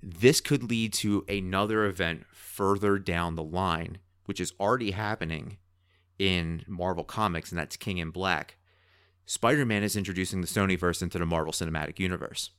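A man co-hosting a podcast in casual chat, talking in an excitable, rambling way. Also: deep voice, moderate pace, clear, resonant tone, no room sound, studio quality. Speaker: podcast co-host.

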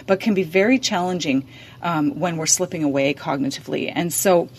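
A woman's voice: low-pitched, a little fast, slightly rough. A woman giving practical advice on dementia caregiving, speaking hesitantly with frequent fillers and restarts. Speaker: dementia care advisor. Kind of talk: advice in a podcast conversation.

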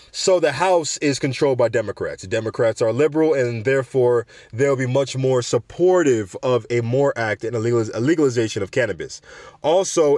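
A man's voice: mid-range voice, a little mellow, no room sound, clean studio sound. A man hosting a show, reading news aloud and breaking off for casual commentary. He trips over words and corrects himself. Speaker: show host.

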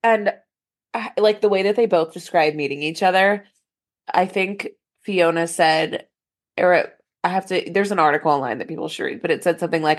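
A woman's voice: fairly low pitch, moderate pace. A woman co-hosting a casual podcast chat, emphatic and slangy, full of "like". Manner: emphatic, slangy, lots of fillers. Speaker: podcast co-host.

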